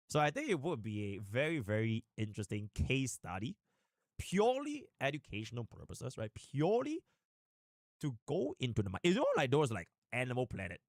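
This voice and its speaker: A man live streaming and chatting casually, animated and rambling, with sudden fast bursts. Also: medium pitch, no room sound, clean studio sound.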